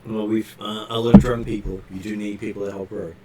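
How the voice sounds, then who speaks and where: A man narrating a tabletop game as game master, pausing often on fillers as he describes scenes. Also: lowish voice, level tone, very noisy. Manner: hesitant, filler-heavy narration.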